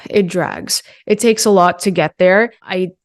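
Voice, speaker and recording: A woman's voice: on the low side, a little slow. A young woman hosting her own channel, giving a chatty and enthusiastic movie review with many casual fillers. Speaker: film reviewer, channel host.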